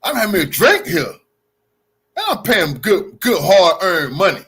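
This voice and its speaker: A man's voice: high-pitched, very animated, moderate pace, a bit bright, breathy edge. A man streaming casual, rambling commentary, profane and boastful. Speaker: streamer and blogger.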